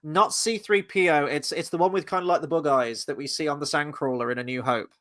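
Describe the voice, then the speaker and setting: A man's voice: a little high, fairly even intonation, a little fast, a bit bright, no room sound. A man hosting a casual review chat, rambling and playful with lots of asides. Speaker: host.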